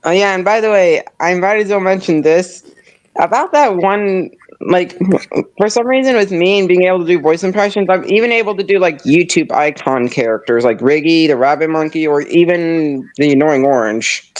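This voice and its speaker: A man's voice: high-pitched, moderate pace. Young man with a stuffy nasal voice. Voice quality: slightly nasal. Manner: rambling, many restarts and "like". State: stuffed-up nose. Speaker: streamer. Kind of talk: casual chat.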